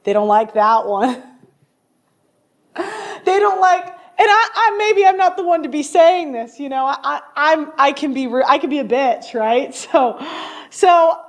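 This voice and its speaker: A young adult woman hosts her own show, offering blunt, opinionated commentary in a casual style. Her high-pitched voice is expressive at a normal speed, and she often laughs and restarts her sentences.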